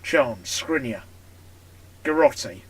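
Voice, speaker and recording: A man giving casual, chatty commentary over a football management game. He bursts into excited shouting at big moments. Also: mid-range voice, slow, husky. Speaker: gaming YouTuber.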